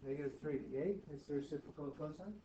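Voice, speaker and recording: A man teaching math to students, brisk and teasing, often checking in with quick questions. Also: fairly high pitch, dark tone. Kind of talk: classroom tutoring. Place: classroom. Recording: distant, muffled, noisy classroom recording.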